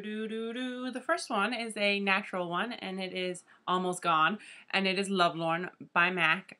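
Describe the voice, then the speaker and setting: A woman's voice: lowish voice, bright, forceful tone. A young woman from Canada chatting casually as a beauty vlogger, gushing and chatty, often saying "like" and "fabulous". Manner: chatty and gushing, says 'like' and 'fabulous' often. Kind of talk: casual chat.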